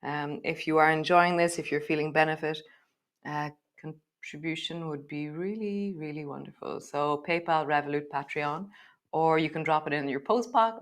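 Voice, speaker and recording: A woman teaching a live yoga class, giving gentle instructions mixed with chatty, laughing, self-deprecating asides. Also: low voice, unhurried.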